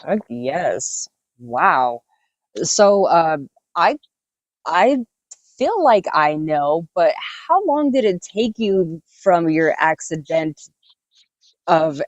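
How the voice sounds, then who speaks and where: Excited podcast host hyping up the guest, cussing, dry mic. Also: mid-range voice, takes it slowly, no echo, muffled recording. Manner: enthusiastic, hyping, swears casually. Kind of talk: casual podcast chat.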